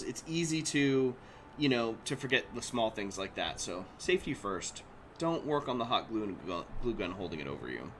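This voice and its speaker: A man's voice: mid-range voice, sharp tone, a little hiss or hum. A man in his thirties hosting a casual crafting livestream, chatty and laughing often as he reads chat aloud.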